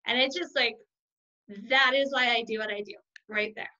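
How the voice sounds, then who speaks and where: A woman kindergarten teacher with a bright, forceful voice that sits a little high, telling stories in an interview and acting out what others said. She is middle-aged and talks in an animated, warm way. The sound is dull and lo-fi. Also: normal speed. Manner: warm, animated storyteller who acts out quotes. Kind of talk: casual interview answers.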